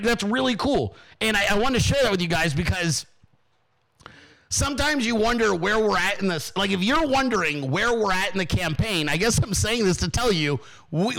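A man hosting his own show, telling a story in a casual, profane, animated monologue. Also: sits high. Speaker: podcast host.

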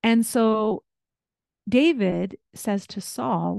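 A woman's voice: mid-range voice, a little slow, creaky, dark tone, no room sound. Woman retelling scripture stories casually. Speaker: podcast host.

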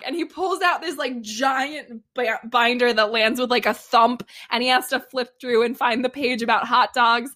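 A woman's voice: a little high, steady tone, a little slow, pushed and bright. A woman co-hosting a podcast, recapping a TV episode in casual chat and laughing often. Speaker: podcast co-host.

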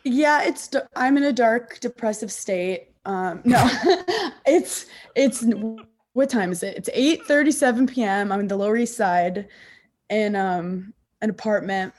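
A woman comedian from New York with a calm, soothing voice, talking sarcastically as a podcast guest from her apartment couch over a video call. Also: mid-range voice, a little slow. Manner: sarcastic, self-deprecating, laughs. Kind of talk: casual interview chat.

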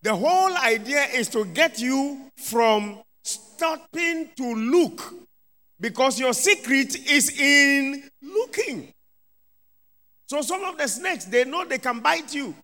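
A man's voice: very high voice, bright, forceful tone. A man, a bishop preaching a sermon with emphatic call-outs of hallelujah and amen. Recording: long reverb of a large hall.

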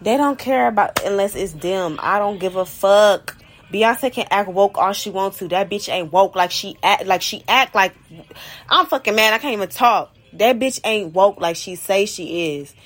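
A woman's voice: mid-range voice, normal speed, a bit bright. Blunt, profane woman ranting. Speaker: podcast host.

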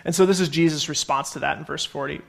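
A man's voice: a little high, fairly even intonation, fast, gravelly. Chatty man preaching a sermon. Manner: conversational, self-correcting, reads scripture aloud. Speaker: pastor.

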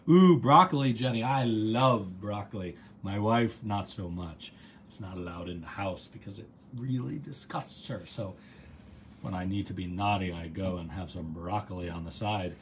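A man with a lowish voice hosts and coaches a casual live online gratitude session. He's chatty and encouraging, reading viewers' comments aloud and drifting into side stories. A little hiss or hum sits under the audio.

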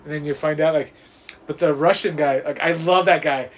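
A man co-hosting a podcast, chatting casually and excitedly about a movie, swearing often and acting out the scenes. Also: a little high, fairly quick, slight background noise. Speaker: podcast co-host.

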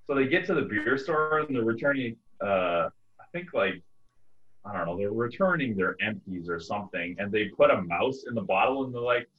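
A man's voice: fairly low pitch, expressive, normal speed, lo-fi sound. A man co-hosting a podcast in laid-back casual chat, filling his sentences with "like". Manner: laid-back, peppers speech with "like". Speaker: podcast co-host. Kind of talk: casual chat about movies.

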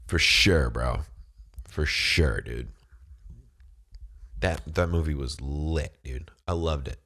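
A man's voice: a bass voice, takes it slowly, a bit bright. A man with a cold, chatting casually to camera in a rambling, slangy way, full of "dude" and "bro". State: has a cold, voice deeper than usual.

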